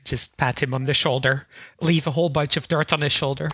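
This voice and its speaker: A woman calmly describes her character in a tabletop game. Her voice is low, and the sound is dry and close with no room echo. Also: brisk, breathy edge, lo-fi sound. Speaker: player.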